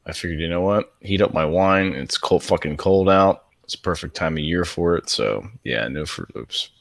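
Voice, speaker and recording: A man's voice: low voice, moderate pace, gravelly, dry recording, studio quality. A man co-hosting a casual podcast, jokey and swearing freely. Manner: jokey, swearing; mock horse-race calling. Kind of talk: casual chat.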